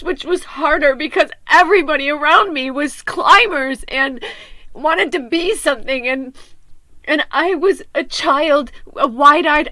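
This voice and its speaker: A woman's voice: high-pitched, pushed and bright, dry recording. A middle-aged woman hosting a podcast, talking in a raw, rambling, emotional monologue, tearful and often swearing. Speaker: podcast host.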